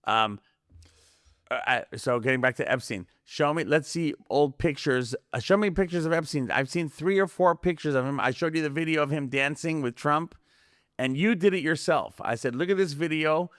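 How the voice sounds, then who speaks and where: A man's voice: fairly high pitch, moderate pace, no room sound. Rambling man on a dry podcast mic. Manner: rambling, animated, acts out quoted voices. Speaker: podcast guest. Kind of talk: casual conspiracy podcast chat.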